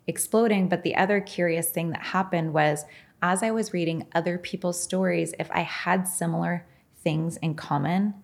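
A woman's voice: on the low side, fairly even intonation, normal speed, gravelly. A middle-aged woman being interviewed as a podcast guest, telling her story frankly and with animation, swearing and laughing often.

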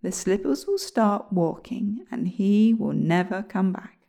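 A woman voicing a slow, kindly cloud giant. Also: mid-range voice, expressive, creaky, dark tone.

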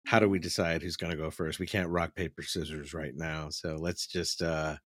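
A man's voice: very deep voice, level tone, normal speed, no room sound, clean studio sound. A man hosting a casual comedy podcast, laughing often. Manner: laughs often, loud bursts. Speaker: podcast host.

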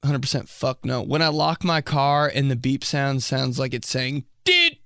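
A man's voice: medium pitch, flat delivery, normal speed, vocal fry, fairly bright tone, no room sound, studio quality. A young man hosting a podcast, rambling through comic complaints with lots of fillers and sound effects. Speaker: podcast host. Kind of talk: casual comedic podcast monologue.

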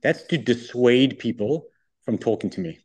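A man's voice: mid-range voice, expressive, a little mellow. A middle-aged man, a company founder, telling stories with confidence as a guest in a casual interview. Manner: confident, brisk anecdotal storytelling. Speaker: guest, wealth firm founder.

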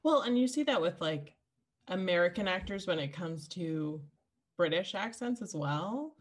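Low-voiced talkative woman co-host. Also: animated, a little slow. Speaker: podcast co-host. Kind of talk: casual chat.

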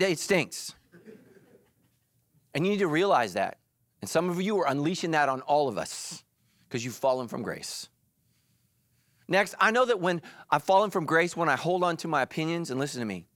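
High, lively male pastor preaching. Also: no room sound. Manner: animated and joking, acts out quick quoted voices. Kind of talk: energetic sermon. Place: church.

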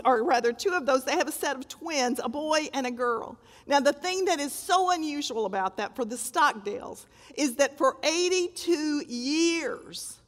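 A high-pitched older woman delivers a sermon with dramatic, emphatic storytelling. She swings between ringing exclamations and hushed, intimate moments. Her voice trails off into the long reverb of a large hall. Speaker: preacher.

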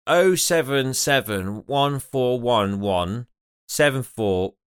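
Guy co-hosting a podcast, smooth clear voice, rambly and giggly. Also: mid-range voice, slow. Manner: laughs often, rambling, restarts. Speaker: podcast co-host. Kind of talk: casual banter.

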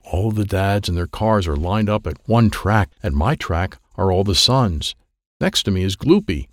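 A man reading a children's audiobook aloud in an expressive storytelling manner. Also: deep voice, moderate pace, dry recording, clean studio sound. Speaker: audiobook reader.

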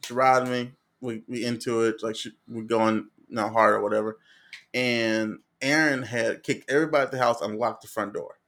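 A man hosts a laid-back podcast, telling rowdy stories between friends. His pitch sits in the middle, and he swears freely as he acts out what other people said. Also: steady tone, moderate pace, a bit bright. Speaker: podcast host. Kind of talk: casual storytelling chat.

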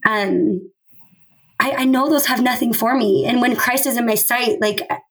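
Thirties woman guest, heartfelt testimony, somewhat high voice, halting and earnest. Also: low-quality recording. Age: 30s. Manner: earnest, emotional, halting with restarts and laughs. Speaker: podcast guest. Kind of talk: personal faith testimony.

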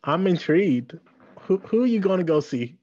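Husky, lowish woman co-host, playful banter, lo-fi sound. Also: expressive, moderate pace, mellow. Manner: laughs often, playful banter. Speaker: podcast co-host. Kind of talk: casual recap chat. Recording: dull lo-fi sound.

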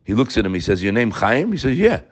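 An older man in his sixties teaching a Torah talk. His pitch rises and falls in wide swings as he tells stories, quiet one moment and emphatic the next. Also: quick pace, husky. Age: 60s. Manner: animated storyteller, swinging from quiet to loud.

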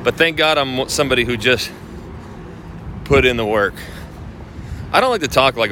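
A man's voice: mid-range voice, normal speed, pauses often, background noise. A man coaching real estate agents on video marketing, talking casually to camera in a blunt, profane, ranting manner.

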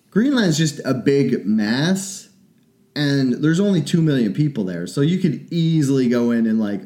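A man in casual podcast chat, rambling and opinionated, swearing often as he thinks out loud. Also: medium pitch.

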